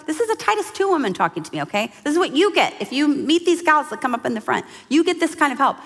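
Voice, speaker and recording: A woman's voice: sits high, big pitch swings, fast, few pauses, a bit bright, big-room sound. A mother giving an emphatic, conversational sermon-style talk to a women's church gathering. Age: adult mother.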